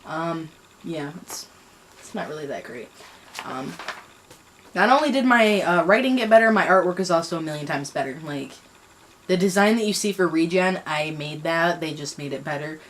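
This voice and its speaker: A woman's voice: low-pitched, animated, moderate pace. A young woman vlogger, talking casually and mocking herself as she rambles, using lots of fillers. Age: young adult. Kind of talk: casual commentary on reading.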